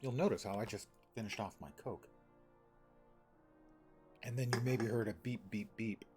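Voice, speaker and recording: A man's voice: on the low side, normal speed. Man, casual gameplay commentary, joking, chatty, faint music behind. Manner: joking, chatty, reads game text aloud. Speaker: streamer.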